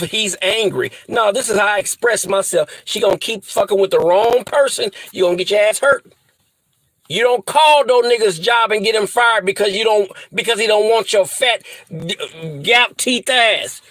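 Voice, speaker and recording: Male vlogger, high voice, dry room, angry threatening rant full of repeated insults. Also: a bit bright, dry recording, poor audio. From US Midwest.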